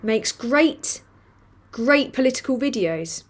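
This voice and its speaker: A woman's voice: fairly high pitch, animated, slow pace. A woman hosting a casual live stream, reading chat comments aloud with swearing and laughter. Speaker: livestream host reading chat.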